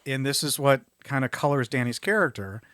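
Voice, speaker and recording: A man's voice: medium pitch, dry recording. Male podcast co-host, mid-range voice, chatty, acts out lines in passing, dry close sound. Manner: animated, acts out characters' lines in quick impressions. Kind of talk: casual film discussion.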